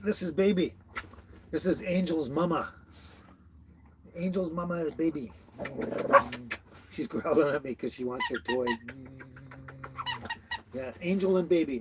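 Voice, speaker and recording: A man's voice: fairly high pitch, noisy background. A man hosting a casual livestream from a tiny house on wheels. He greets viewers and reads their comments, chuckling often and stumbling over names. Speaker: livestream host. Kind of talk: casual live chat reading viewer comments.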